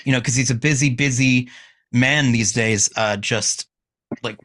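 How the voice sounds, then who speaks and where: A man hosting a podcast, chatting casually and teasing his guest with rapid-fire questions. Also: mid-range voice, fairly even intonation, a bit bright. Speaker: podcast host. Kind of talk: casual chat.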